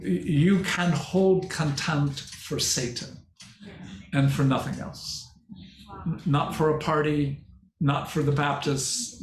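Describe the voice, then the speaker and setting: Older man, conference speaker, slow deliberate delivery, somewhat high voice, faint room noise. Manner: slow, reflective, with halting restarts. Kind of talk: conference talk and Q&A. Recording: echoey hall with faint noise.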